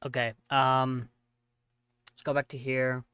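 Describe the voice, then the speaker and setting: A man playing a horror game, reading its text aloud in a slow, dramatic way and breaking off into swearing reactions. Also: medium pitch, little pitch movement, fairly bright tone, smooth, no room sound. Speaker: gaming YouTuber.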